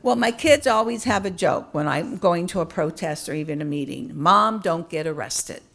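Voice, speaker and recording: A woman's voice: fairly low pitch, animated, a little fast, creaky. An older woman speaking as a guest to a club, earnest, candid and conversational. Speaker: guest speaker, party official. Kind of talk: talk to a club with audience questions.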